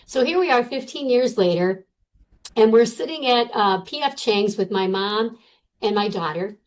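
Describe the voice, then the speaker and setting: A middle-aged woman guest telling a personal story in a casual, animated way, with many fillers. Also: on the high side, moderate pace, poor audio.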